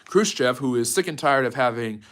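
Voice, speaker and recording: Man giving a lively history lecture. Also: mid-range voice, moderate pace. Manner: energetic storytelling with frequent fillers and restarts.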